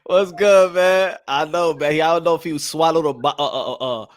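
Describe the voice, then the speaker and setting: A man with a notably high voice co-hosting a relaxed boxing chat. He teases the guest and keeps breaking into giggles. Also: normal speed. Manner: giggly, teasing. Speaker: co-host. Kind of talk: casual chat.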